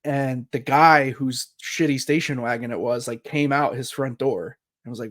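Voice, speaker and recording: A man's voice: mid-range voice, moderate pace, few pauses. Guy in his 30s on a podcast, telling a wild story, swears a lot, does little voices for people. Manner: animated storyteller, swears freely, acts out quoted voices. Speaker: podcast co-host. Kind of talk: casual storytelling chat.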